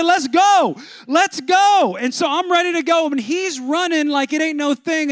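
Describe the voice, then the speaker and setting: High-voiced pastor guy preaching, goofy story bits then loud preachy parts, dry close sound. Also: no room sound. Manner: animated storyteller, swings from low asides to loud preaching. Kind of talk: sermon with comic storytelling. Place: church.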